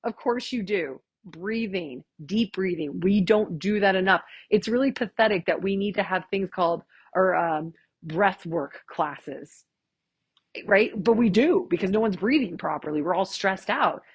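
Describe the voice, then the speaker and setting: Husky woman leading a casual workshop. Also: medium pitch, measured pace, no echo, highs cut off. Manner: chatty and self-mocking, guides breathing counts. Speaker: chiropractor leading a stress workshop. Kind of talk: casual live workshop talk.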